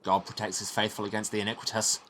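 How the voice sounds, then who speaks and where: A man's voice: lowish voice, flat delivery, fast talker, sharp tone, slight background noise. A man reading a pompous old monk. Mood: stern. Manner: pompous, scripture-quoting.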